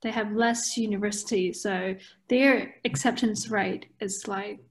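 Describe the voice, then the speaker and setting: A woman's voice: mid-range voice, steady tone, unhurried. A woman chatting casually as a co-host, laughing often and filling her talk with "like". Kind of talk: casual chat.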